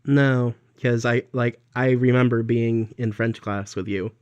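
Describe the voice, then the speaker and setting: Young man, podcast co-host, casual chat, animated, laughs a lot, mid-pitched voice. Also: measured pace, clean tone. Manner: animated storyteller, laughs often, acts out quotes.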